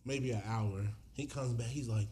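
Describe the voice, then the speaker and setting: A man tells a story in a casual chat, with speech. He slips into acted voices for the people in it and keeps an animated, storytelling manner. Faint noise runs under his voice. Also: medium pitch, normal speed. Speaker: podcast co-host telling a story.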